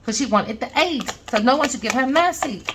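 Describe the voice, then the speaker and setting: A woman's voice: high voice, lively intonation, fairly quick, background noise. A woman giving an emphatic, scornful tarot reading, repeating her points. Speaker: tarot reader.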